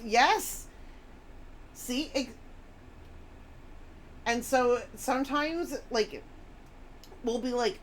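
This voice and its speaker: A woman's voice: fairly high pitch, slow, long pauses, a little hiss or hum. Chatty woman streaming. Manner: rambling, chatty, reads chat aloud. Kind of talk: casual live-stream chat while drawing.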